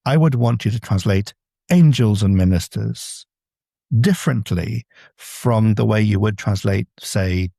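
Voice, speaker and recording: Low gravelly man explaining translation. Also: warm tone, no echo, clean studio sound. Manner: thoughtful, explains with examples. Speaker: translator guest. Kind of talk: podcast interview.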